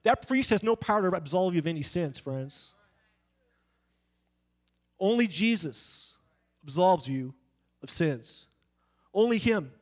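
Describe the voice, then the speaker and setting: A high-pitched man preaching an evangelistic sermon. He talks in an emphatic, conversational way and slips into little character voices when he tells a story. His delivery lifts and drops sharply for effect. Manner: emphatic and conversational, acts out quoted voices in anecdotes.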